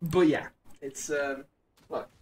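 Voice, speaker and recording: A young man chatting casually on a game stream, drifting through a long anecdote with plenty of asides. His voice sits a little on the high side for a man. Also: fairly even intonation, slow pace, darkish tone, slightly rough. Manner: rambling anecdotal storytelling. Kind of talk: casual chat while gaming.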